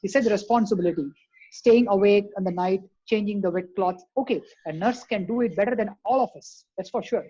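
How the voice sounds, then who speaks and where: A man's voice: high voice, brisk, warm tone. A man in an online group discussion, arguing his point firmly and insistently. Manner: firm, insistent. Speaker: discussion participant. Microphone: online call. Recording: dull, muffled online call audio.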